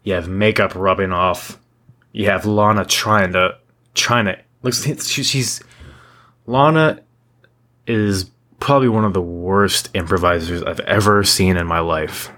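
A young man with a deep, low voice talks on a podcast in a blunt, profane, animated rant. He keeps restarting his sentences as he piles on opinions. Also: measured pace. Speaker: podcast co-host. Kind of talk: casual opinionated chat.

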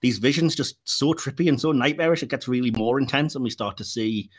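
A man's voice: medium pitch, brisk, husky. A man hosting a podcast in casual chat, joking and nitpicking, laughing often. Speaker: podcast host.

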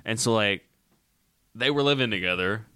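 A man's voice: fairly low pitch, moderate pace, clean tone, no room sound. A man telling a crude story in casual chat, swearing and acting out the voices of the people in it. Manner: animated, swearing, acting out voices in his stories. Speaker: podcast co-host and storyteller.

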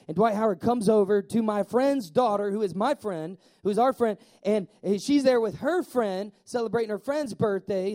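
A man preaching a sermon in a lively way, asking the congregation questions and slowing down to stress key words. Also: high-pitched. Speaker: pastor.

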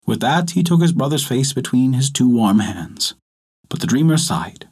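A man reading a folktale aloud as a storyteller, in measured, expressive narration. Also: medium pitch, husky. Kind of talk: scripted narration.

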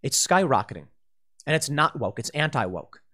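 A man's voice: medium pitch, lively intonation, normal speed, sharp tone. A man giving opinion commentary in an exasperated, combative ranting manner. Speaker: political commentator.

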